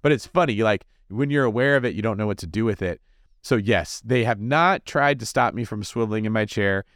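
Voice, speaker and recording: A man hosting a real estate podcast, talking in an animated, jokey and energetic way, answering listener comments. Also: lowish voice, brisk, no room sound, clean studio sound. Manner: animated, jokey, fidgety delivery. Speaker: podcast host. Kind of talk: energetic casual monologue.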